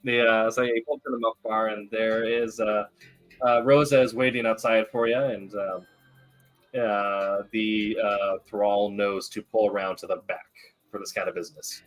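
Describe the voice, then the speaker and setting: Halting man running a tabletop game. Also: on the low side, little pitch movement, soft background music, rough recording. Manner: halting, many fillers, laughs often. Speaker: game master.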